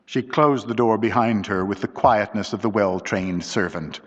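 A man reading a story aloud as an audiobook narrator, in a steady, deliberate storytelling manner. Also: fairly low pitch. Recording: dull lo-fi recording with long reverb.

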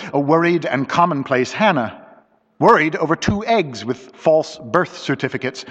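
A man's voice: medium pitch, a bit bright. Man narrating a story in a reverberant room. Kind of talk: scripted audiobook narration. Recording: dull lo-fi recording with long reverb.

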